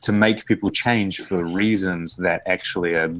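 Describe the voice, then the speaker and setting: Hesitant New Zealand man, low voice. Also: steady tone, normal speed, fairly bright tone. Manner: hesitant, thinks aloud with many restarts. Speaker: podcast co-host. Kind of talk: casual discussion.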